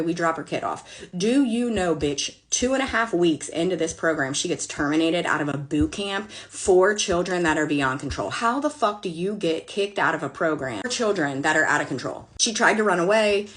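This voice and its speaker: A woman in her thirties tells a long personal story in a casual, blunt way. She swears freely and drops sassy, exasperated asides as she goes. Her voice sits a little on the low side. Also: expressive, brisk, a bit bright. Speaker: storyteller vlogger.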